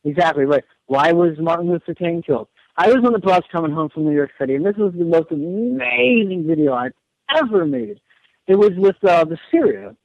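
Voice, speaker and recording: A man's voice: a little high, sing-song, a little fast, creaky, no room sound, lo-fi sound. A man as a radio show guest, talking earnestly in long rambling runs and often repeating his words. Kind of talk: casual radio interview.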